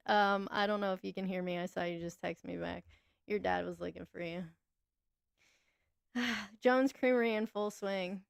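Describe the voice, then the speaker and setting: A woman co-hosts a livestream, chatting loosely, laughing a lot and replying to comments from viewers. Her voice has a gravelly rasp and sounds close and dry. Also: mid-range voice, steady tone, measured pace, pauses often, no echo. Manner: chatty, laughs often, reads and answers chat. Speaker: livestream co-host. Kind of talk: casual livestream talk.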